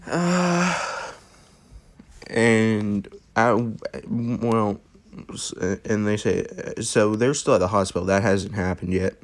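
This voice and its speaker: A man's voice: on the low side, slow pace. A young man casually improvising a fan-fiction story, rambling with fillers and jokes. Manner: rambling, full of fillers and restarts, jokey.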